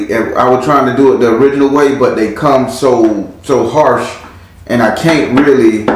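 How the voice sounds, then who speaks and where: A man giving a casual spiritual tarot reading in a relaxed way, chanting words over and over as he reads the cards. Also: mid-range voice, slight background noise. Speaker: tarot card reader. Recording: very echoey room.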